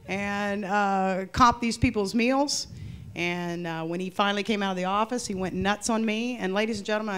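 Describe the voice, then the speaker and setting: Woman comic chatting on stage, dry self-mocking, yells the punchlines. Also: mid-range voice, clean tone. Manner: wry, self-mocking, shouts quoted outbursts. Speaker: comedian guest. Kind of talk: live interview storytelling.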